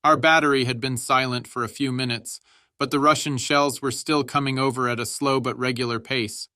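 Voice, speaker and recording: A man with a medium-pitched voice reads an audiobook steadily and in a measured way. The recording is dry and of studio quality.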